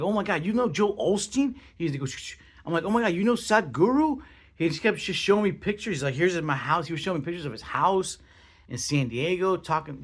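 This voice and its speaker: A young man hosting his own podcast, talking casually in an excitable, rambling way with lots of swearing and restarts. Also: on the high side. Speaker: podcast host. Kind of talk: casual solo podcast monologue.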